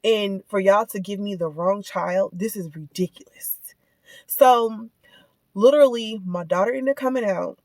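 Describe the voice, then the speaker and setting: A woman's voice: medium pitch, moderate pace, a little mellow, no echo. A woman telling a personal story in a casual, heated rant, indignant and repeating herself as she retells it. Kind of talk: casual ranting vlog.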